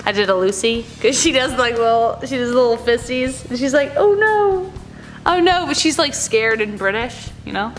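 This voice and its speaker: A woman's voice: on the high side, normal speed, few pauses. A woman reacting to scary video clips, with jumpy exclamations and chatty asides. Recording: music clearly playing behind.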